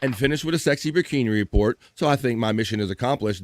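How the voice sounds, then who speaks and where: A man's voice: medium pitch, quick pace. A man hosting a live stream, joking and rambling in casual chat.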